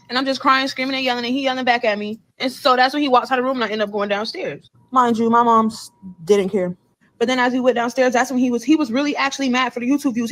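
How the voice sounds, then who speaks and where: A woman's voice: fairly high pitch, low-quality recording. A young woman telling a personal story in a vlog, in an earnest, repetitive way. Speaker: storyteller in a played clip.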